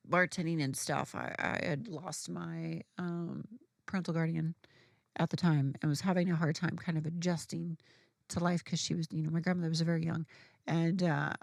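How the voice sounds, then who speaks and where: A woman's voice: lowish voice, vocal fry, no room sound, studio quality. A woman telling a personal story in a casual, profane, chatty way, full of fillers and acted-out dialogue.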